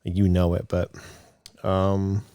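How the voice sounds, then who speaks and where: A man's voice: low-pitched, completely flat delivery, slow pace, mellow, clean tone, no echo, clean studio sound. A man in his late twenties co-hosting a podcast, telling a rambling story in casual chat, with lots of restarts. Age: late 20s. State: a bit out of breath. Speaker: podcast co-host.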